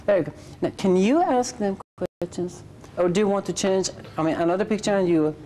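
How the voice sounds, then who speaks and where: A woman's voice: mid-range voice, brisk, dark tone, a little hiss or hum. A woman teaching English conversation in class, patiently correcting and repeating her students' sentences.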